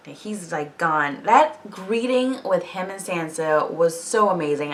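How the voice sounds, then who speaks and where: A woman recapping a TV episode in a casual, animated reaction vlog, swearing freely and laughing often. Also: on the low side, a little slow, recorded from a distance, slight background noise. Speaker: TV show reaction vlogger.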